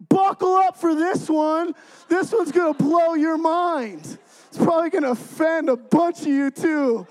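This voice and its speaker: A young man telling a testimony as a sermon, shifting between quiet, hushed passages and loud, excited bursts. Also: very high-pitched, measured pace, rough recording. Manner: animated storytelling, swings from hushed to loud and excited. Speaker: preacher sharing testimony.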